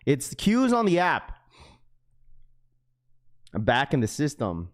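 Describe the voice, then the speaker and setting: Excitable young man livestreaming to chat. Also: a little high, slow. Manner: excitable, slangy, keeps repeating himself to chat. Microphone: webcam setup.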